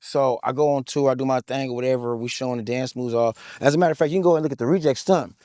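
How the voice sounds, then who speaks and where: In an interview, a man in his thirties tells his story fast and medium-pitched, excitable and hyped. He's full of "like, like" fillers, street slang and swearing, captured in a dry, clean studio recording.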